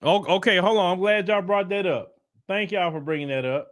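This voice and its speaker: Speaking briskly in a high voice, this man runs his own political commentary show, browsing websites on screen as he goes. He's emphatic, keeps throwing out rhetorical questions, and drops sarcastic asides. The audio is studio quality with no room sound.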